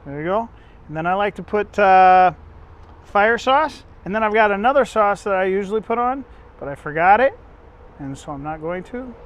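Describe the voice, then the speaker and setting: A man's voice: sits high, expressive, normal speed, muffled recording. A man hosting a casual home cooking video, chatting to viewers in a rambling, self-correcting way. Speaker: home cook and channel host.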